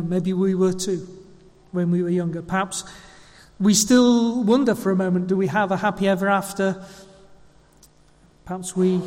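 A man with a slight cold giving a chatty, self-deprecating sermon in a church, his voice high and a little squeaky, with many ums and uhs. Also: darkish tone. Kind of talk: conversational sermon. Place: church hall. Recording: long reverb of a church hall.

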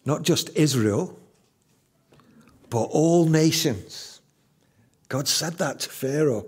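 A man's voice: fairly high pitch, animated, slow pace, long pauses, a little mellow, slightly rough. A man in his fifties preaching a sermon as pastor, emphatic and repeating key lines for weight.

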